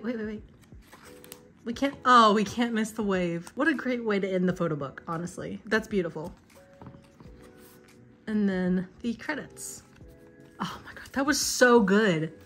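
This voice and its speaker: A young woman talks her way through an unboxing in a chatty, gushing way, often overcome with excitement. Her voice sits at a middle pitch, and soft music plays faintly behind her. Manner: gushing, emotional, chatty fan talk. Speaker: vlogger. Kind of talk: casual unboxing chat.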